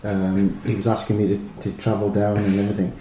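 A middle-aged man, a former footballer, telling animated, rambling stories full of fillers and restarts. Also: on the low side, brisk. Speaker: former professional footballer, guest. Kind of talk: casual anecdotal storytelling. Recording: roomy echo with faint noise.

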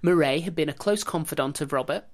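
Woman podcast host, low voice, wry history storyteller, casual joking chat. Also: quick pace. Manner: wry, jokey, breaks into laughter.

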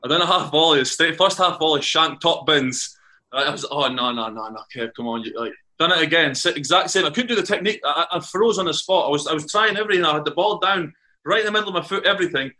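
This Scottish man, once a footballer and now a podcast guest from Carnoustie, speaks fast in a slightly high, bright, pushed voice. He chats casually, spinning meandering anecdotes where he keeps restarting and repeating words.

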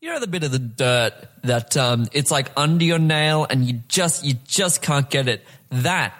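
A man's voice: medium pitch, expressive, moderate pace, a bit bright, faint music behind. A man co-hosting a comedy podcast in a studio, joking and teasing in casual chat. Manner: playful, joking, self-mocking. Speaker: podcast co-host. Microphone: studio mic.

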